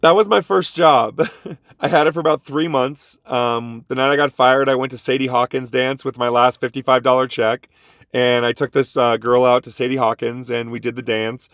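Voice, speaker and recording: Animated man telling a story. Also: mid-range voice, normal speed, no room sound, studio quality. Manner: animated, jumps into quoted voices. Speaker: vlogger. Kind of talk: casual storytelling.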